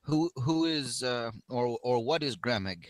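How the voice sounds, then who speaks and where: A man's voice: medium pitch, lively intonation, a little slow, dry recording, clean studio sound. A man playing in a tabletop game, talking casually and hesitantly, with fillers. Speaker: player.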